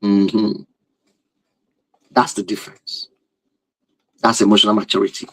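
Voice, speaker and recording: A man's voice: fairly low pitch, little pitch movement, measured pace, fairly bright tone, no room sound, rough recording. A man speaking as a relationship teacher who addresses his viewers in an emphatic, repetitive lecture and often asks rhetorical questions. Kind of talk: lecture-style talk to viewers.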